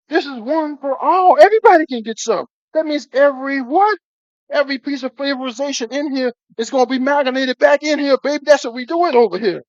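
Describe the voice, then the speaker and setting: A man's voice: extremely high pitch, no room sound. Hyped man cooking on a live stream. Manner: excitable, calls the viewers "baby" constantly, whoops. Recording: dull lo-fi stream audio.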